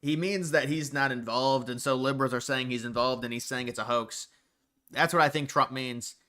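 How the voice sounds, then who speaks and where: A man's voice: medium pitch, steady tone, moderate pace, pushed and bright. An American man hosting a livestream, reacting to chat in casual, rambling commentary and often restarting his sentences. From United States. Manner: rambling, thinking aloud with frequent restarts. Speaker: livestream host.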